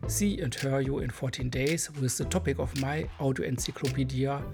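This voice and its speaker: A man's voice: medium pitch, steady tone, moderate pace, gravelly, loud music behind the voice. A man with a German accent hosting his own solo podcast, speaking in earnest, careful English that is not his first language. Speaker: podcast host.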